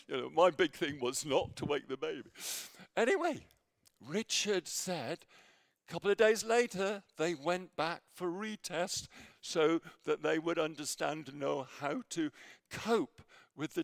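A man preaching a sermon with a personal story, halting with many fillers and restarts, sometimes dropping to near a whisper. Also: fairly high pitch, expressive, vocal fry, no room sound, studio quality. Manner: drops to near whisper in quiet moments.

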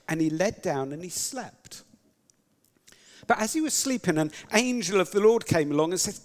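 A man preaching a sermon, retelling scripture dramatically, swinging between loud lines and whispers. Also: a little high, expressive, normal speed, long reverb tail. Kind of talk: sermon storytelling.

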